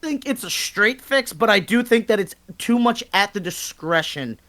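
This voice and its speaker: Man, sports podcast co-host, heated emphatic rant, swears, near-shouting bursts. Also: high-pitched, animated, moderate pace.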